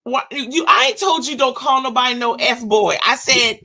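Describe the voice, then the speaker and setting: A high, bright, sharp voice from a morning show co-host. They keep protesting the teasing in an indignant tone, then laugh it off. Their sound is tense and cutting. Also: animated, moderate pace, hardly any pauses, poor audio. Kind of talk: casual banter.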